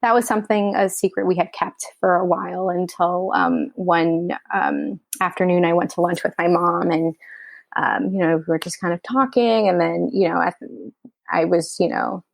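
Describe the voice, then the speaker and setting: Candid woman from Queens, low voice. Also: steady tone, moderate pace, creaky, dry recording. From Queens, New York. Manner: candid, emotional, thick with "like" and "you know". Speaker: writer-director guest. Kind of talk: personal storytelling interview.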